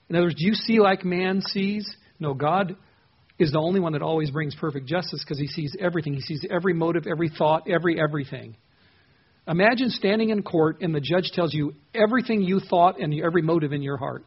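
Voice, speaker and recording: A man with a somewhat raised, husky voice teaches a Bible passage in a conversational way. He asks his listeners questions and repeats words as he thinks aloud. The recording sounds muffled and lo-fi. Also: a little high, brisk. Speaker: pastor.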